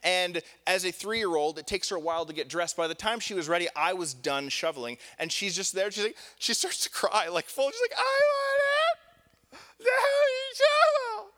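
Chatty young pastor in a reverberant hall. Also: male voice, high-pitched, fairly quick, hardly any pauses, bright, forceful tone. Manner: conversational storytelling with many fillers; self-deprecating and joking. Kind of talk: sermon.

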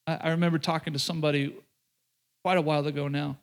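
High-voiced pastor preaching conversationally. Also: male voice, little pitch movement, quick pace. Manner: conversational, joking asides with repetitions and restarts. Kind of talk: sermon.

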